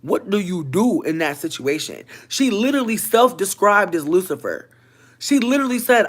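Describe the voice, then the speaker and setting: A woman vlogger telling a comic storytime rant. She is animated and profane, swinging between loud exclamations and low mutters. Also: measured pace.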